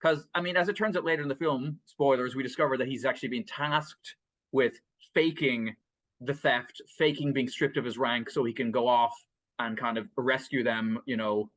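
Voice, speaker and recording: A man's voice: medium pitch, steady tone, normal speed, a bit bright, no echo. A man co-hosting a casual film podcast, rambling through plot summaries with many fillers, restarts and laughs. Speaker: podcast co-host.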